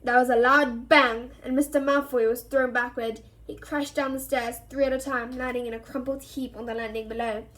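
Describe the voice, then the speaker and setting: A woman reading a novel aloud for a reading club, expressive and giving each character a voice. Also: on the high side, normal speed, few pauses. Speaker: reader.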